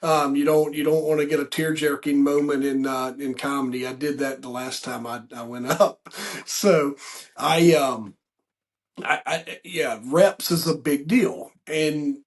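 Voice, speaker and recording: A man hosting a podcast, talking in a halting, soft-spoken way with many fillers and a slight foreign accent. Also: a little high, fairly even intonation. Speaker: podcast host. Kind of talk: casual conversation.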